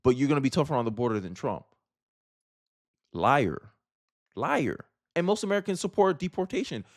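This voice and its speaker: A man's voice: a little high, very animated, rapid-fire, a little mellow. A man giving emphatic, informal political commentary in a vlog, often throwing rhetorical questions at his viewers.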